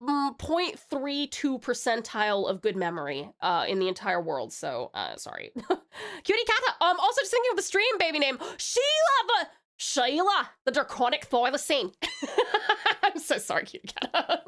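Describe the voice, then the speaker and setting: A woman's voice: sits high, very animated, normal speed, fairly bright tone. A young woman with an American accent streaming live, chatting with viewers in a bubbly, affectionate, giggly way and calling them pet names, from a home desk mic. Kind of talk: casual live-stream chat.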